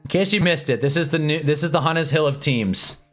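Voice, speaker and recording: A young man casually reacting to live football games on a stream, swinging from low muttering to excited yelling at big plays. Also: brisk, faint music behind. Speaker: sports streamer. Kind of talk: live football watch-along commentary. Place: home streaming room with green screen.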